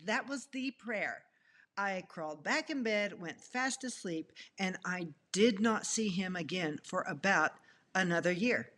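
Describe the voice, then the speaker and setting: A middle-aged woman tells her love story with lively, animated expression. She acts out her own past thoughts and reactions with playful emphasis. Her voice sits at an ordinary middle pitch for a woman. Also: measured pace.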